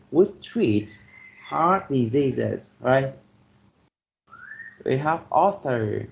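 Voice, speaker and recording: This Vietnamese-accented English teacher lectures a class online, his medium-pitched voice slightly mellow and touched with vocal fry. He talks slowly, checking comprehension with "okay" or "right?" after almost each phrase, and the recording sounds dull.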